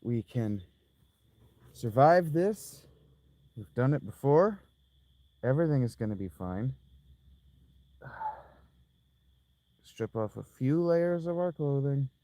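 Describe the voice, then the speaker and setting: Slow, lively joking man streaming a game. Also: mid-range voice, dry recording. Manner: joking, rambling, talks to himself. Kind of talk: casual live-stream chatter.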